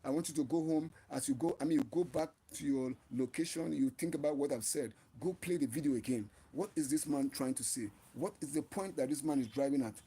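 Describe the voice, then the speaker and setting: A man's voice: a little high, brisk, few pauses, warm tone, breathy edge. A man hosting his own channel, giving an impassioned, preachy live-stream talk and often repeating and restarting his phrases. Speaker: channel host.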